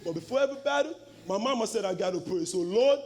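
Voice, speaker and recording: Young nigerian guy spitting a rap battle verse, high voice, cocky and profane. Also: animated, fast talker, a little mellow. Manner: aggressive, taunting, profane. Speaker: battle rapper. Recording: live event with cheering crowd.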